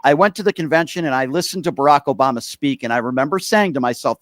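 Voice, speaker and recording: A male radio talk show host in his forties takes calls and speaks his mind bluntly, with plenty of heat behind it. His voice sits at a middle pitch. It is recorded close and dry in a studio. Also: quick pace, fairly bright tone, no room sound. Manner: blunt, heated, opinionated. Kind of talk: political call-in talk.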